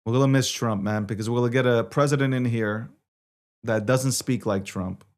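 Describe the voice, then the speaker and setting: A male show host from New York City delivers opinionated political commentary in a mid-range voice at normal speed. He repeats himself emphatically and swings between loud and soft.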